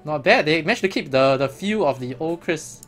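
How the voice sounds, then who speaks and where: Man, gaming vlogger, casual commentary, chatty, laughs a lot, lively pitch. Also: moderate pace, soft background music. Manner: chatty, animated, laughs often.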